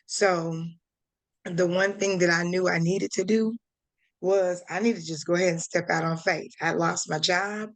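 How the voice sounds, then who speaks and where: A woman speaks slowly and from the heart, close to tears, her voice sitting a little low. She pauses often and searches for words as she talks over a video call. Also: steady tone. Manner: slow, heartfelt, halting with fillers. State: holding back tears. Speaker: course participant. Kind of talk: emotional testimony on a group call.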